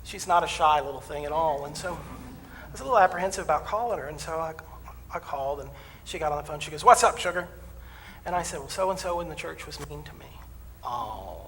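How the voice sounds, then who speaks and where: This preacher's voice sits on the high side, a bit bright and fast, with a little hiss or hum on the recording. He gives a folksy, joking sermon in a church sanctuary, acting out voices in personal anecdotes, captured by a distant mic in a reverberant hall.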